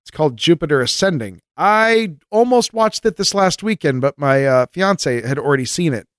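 Lively, jokey male podcast co-host. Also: fairly high pitch, moderate pace, dry recording, clean studio sound. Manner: jokey, laughs often, lively delivery. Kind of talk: casual podcast banter, reading listener mail.

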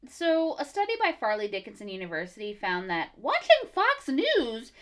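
A woman's voice: a little high, wildly swooping pitch, moderate pace. A woman co-hosting a casual podcast, reading facts from her notes with blunt, sarcastic asides. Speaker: podcast co-host.

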